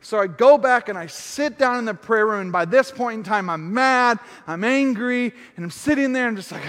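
A male pastor telling a story in a sermon, animated and self-deprecating, acting out his own thoughts. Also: high-pitched, normal speed, few pauses, in a large hall.

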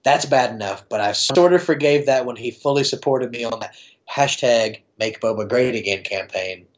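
A man's voice: medium pitch, normal speed. A man chatting casually on a podcast, rambling and laughing often in a playful way. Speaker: podcast guest. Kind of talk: casual chat. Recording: dull lo-fi sound.

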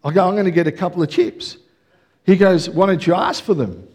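A man's voice: sits high, fairly quick, slightly rough. A middle-aged man preaching a conversational sermon, often checking in with the congregation. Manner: energetic, conversational preaching with audience check-ins. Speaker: pastor.

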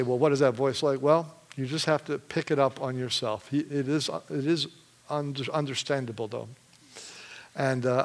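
A man from Michigan giving a testimony in a sermon, telling his story with animated energy and frequent laughs. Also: medium pitch. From Michigan, USA.

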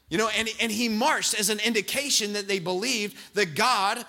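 A man preaching a sermon, rising to shouts as he acts out scripture scenes. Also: high-pitched, moderate pace, few pauses. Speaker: pastor.

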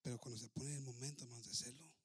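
A man preaching a sermon as a story, animated, moving between English and Spanish. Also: medium pitch, racing, breathy edge.

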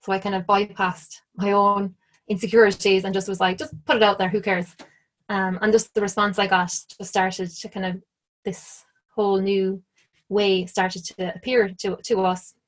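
A woman's voice: medium pitch, level tone, normal speed. An Irish woman telling a story in an interview, chatty and full of "like". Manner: chatty, full of "like", acts out quoted lines. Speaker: interview guest. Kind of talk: casual storytelling.

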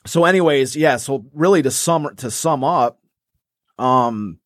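A man's voice: medium pitch, measured pace, no echo, clean studio sound. A man co-hosting a podcast, chatting casually about sports history and rambling with many restarts and fillers. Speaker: podcast co-host.

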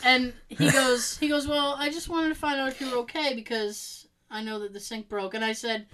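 A woman telling a long story in casual chat, animated and laughing as she acts out what people said. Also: fairly high pitch, a little fast, few pauses, slight background noise, poor audio.

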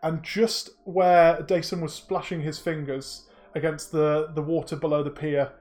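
Man, game master, fairly high voice, casual descriptive narration, ums and swearing. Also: little pitch movement, unhurried, darkish tone.

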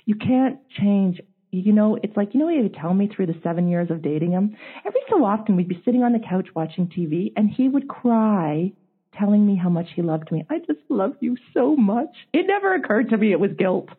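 A woman in her forties recounts a heartbreak in an open, confessional way. Her voice is husky and breathy. She sounds as if heard over a narrow, phone-like line. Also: mid-range voice, fairly quick. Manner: emotional, confessional, quotes others in animated voices. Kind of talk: candid storytelling chat. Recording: tinny phone-line audio.

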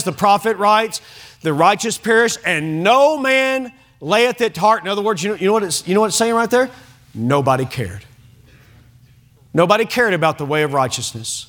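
A pastor with a high-pitched, fairly bright voice preaches an evening sermon in church. He reads scripture aloud and explains it, checking in frequently with the congregation.

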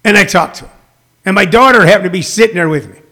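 A man's voice: sits high, quick pace, pushed and bright. A man in his sixties, a comedian hosting a rambling casual livestream, reading viewer comments and plugging shows. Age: 60s. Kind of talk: casual chat. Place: home.

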